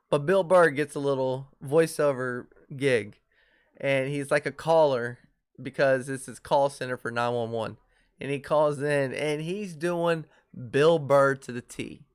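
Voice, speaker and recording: A man's voice: fairly high pitch, smooth. A man hosting his own podcast, ranting casually and profanely about shows and movies. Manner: profane, animated ranting with laughs. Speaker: podcast host. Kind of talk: casual solo podcast rant.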